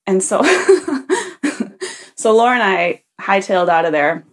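A mom calls in to a podcast she listens to and tells an amusing story in a brisk, medium-pitched voice. The message wanders, full of ums, little laughs, and moments where she corrects herself.

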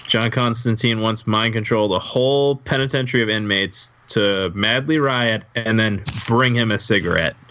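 A man's voice: lowish voice, normal speed, hardly any pauses, pushed and bright, slight background noise. A man arguing combatively and teasingly on a casual podcast panel.

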